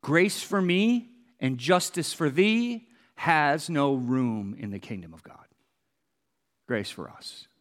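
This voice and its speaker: Earnest pastor preaching in a hall. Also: male voice, a little high, lively intonation, slow. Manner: earnest, repeats phrases for emphasis, wry asides. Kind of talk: sermon.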